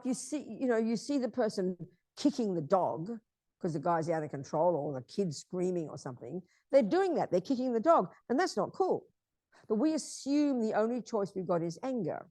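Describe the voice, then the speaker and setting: A Buddhist nun giving an informal teaching talk, blunt and emphatic in a conversational way. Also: female voice, mid-range voice, mellow, no room sound.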